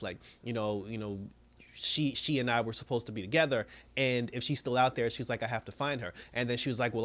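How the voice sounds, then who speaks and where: A man recapping a TV episode in a loose, chatty way, laughing as he goes. His pitch sits in the middle for a man. When he quotes characters, his voice drops lower. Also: a bit bright. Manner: chatty, laughs often, acts out characters' lines in a low voice. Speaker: TV episode reviewer. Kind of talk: casual recap monologue.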